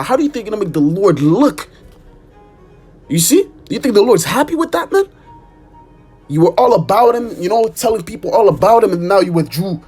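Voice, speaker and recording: Husky man preacher, a bit high-pitched, emphatic and profane, reading verses between exhortations. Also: darkish tone. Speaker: street preacher. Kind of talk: informal sermon with scripture reading.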